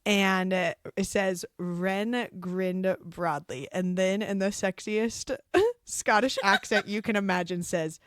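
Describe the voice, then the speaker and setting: A woman co-hosting a book club podcast, chatting casually, giggly and excitable, often breaking into laughter. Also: mid-range voice, a little slow, clean tone, dry recording, clean studio sound. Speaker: podcast co-host.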